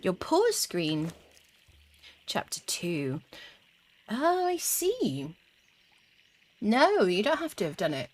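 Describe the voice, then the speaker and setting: While streaming a game, a woman gives casual live gameplay commentary, chatting with her viewers and humming little tunes as she plays. Her mid-range voice swoops wildly in pitch, and she speaks slowly with long pauses.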